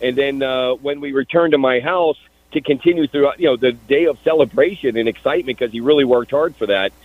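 A man, calling in to recall his time as a rescue volunteer, halting and tearful, repeating words as he speaks. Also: medium pitch. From Pittsburgh, USA. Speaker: caller, former EMT volunteer. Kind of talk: emotional phone-in recollection. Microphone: telephone. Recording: tinny phone line.

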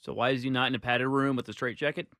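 Bright, sarcastic male co-host in casual talk. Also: mid-range voice, fairly even intonation, quick pace, no room sound, clean studio sound. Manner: wry, sarcastic asides. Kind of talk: casual talk radio chat.

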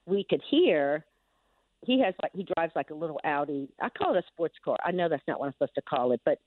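Calling a radio show by telephone, an older woman, a neighborhood security district official, tells a long, rambling tale with frequent restarts, asides, and "you know"s. Her deep, expressive voice moves at normal speed over a tinny phone line with no room sound.

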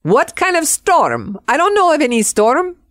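A woman's voice: sits high, very animated, unhurried, fairly bright tone, no echo, clean studio sound, pitched above the performer's own voice, full character voice. A woman voicing a generous female friend, a cleaning lady with a Spanish accent, who talks in an emphatic, insistent way. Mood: puzzled.

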